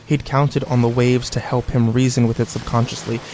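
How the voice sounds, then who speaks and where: A man narrating an audiobook in a measured, even storytelling manner. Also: mid-range voice, slight background noise.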